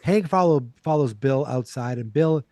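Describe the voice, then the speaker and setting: A man's voice: medium pitch, moderate pace, warm tone, no echo, studio quality. A man hosting a podcast, animatedly recapping a TV episode in casual chat and acting out the characters' lines. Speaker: podcast host.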